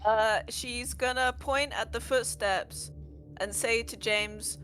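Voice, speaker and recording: A woman playing a tabletop game, excitable and quick to swear and laugh. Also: fairly high pitch. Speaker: player. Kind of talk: casual tabletop game chat. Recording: faint music behind.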